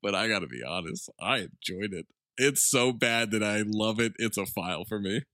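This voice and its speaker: A man's voice: on the low side, normal speed, bright, forceful tone, no room sound, studio quality. A man co-hosting a podcast, talking about a movie in casual chat, enthusiastic and profane, often laughing. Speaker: podcast co-host.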